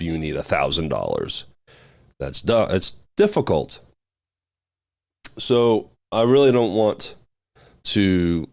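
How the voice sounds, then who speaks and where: Deep-voiced man hosting a casual podcast. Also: no room sound. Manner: chatty and self-deprecating, laughs at himself. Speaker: podcast host. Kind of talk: casual solo podcast talk.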